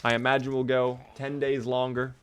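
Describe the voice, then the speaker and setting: A man's voice: mid-range voice, flat delivery, normal speed, noisy background. A man giving casual, jokey live-stream commentary over a game, chatting with and thanking his viewers.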